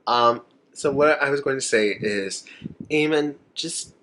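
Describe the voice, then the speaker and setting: A man's voice: medium pitch, measured pace, a bit bright. A young man chatting to camera in a makeup vlog, rambling, emotional and laughing often. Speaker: makeup vlogger. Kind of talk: casual chat to camera.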